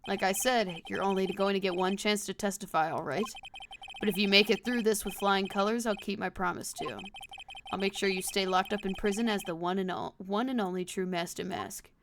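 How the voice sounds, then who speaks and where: A woman voicing a cool, brooding male prosecutor, speaking low and stern. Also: steady tone, background noise, natural voice. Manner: low, slow, gravely stern. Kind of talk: game dialogue read aloud on a stream.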